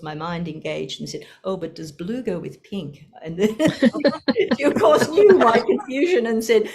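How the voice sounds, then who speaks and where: A woman's voice: on the high side, a little mellow. An older woman sharing a personal story, laughing often and acting out the voices in her quotes.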